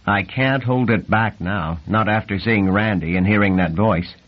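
A troubled, restrained navy commander who speaks with caution in a husky voice, as a male narrator voices him. The lo-fi audiobook recording sounds dull. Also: on the low side, normal speed, close to an everyday voice. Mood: uneasy.

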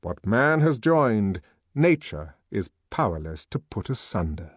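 A man reading an audiobook as narrator, in measured, expressive scripted storytelling. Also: fairly low pitch, slightly rough, no echo, clean studio sound.

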